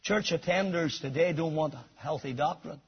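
A man delivers a sermon in a husky, fairly high voice. He drops to hushed, low passages and then climbs into loud, shouted emphasis. The recording is dull and muffled. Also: moderate pace. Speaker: preacher.

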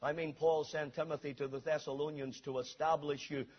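A man preaching a sermon with emphatic delivery, rising to shouts and dropping to quiet asides. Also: on the high side, level tone, fairly quick, breathy edge. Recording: dull lo-fi sermon recording.

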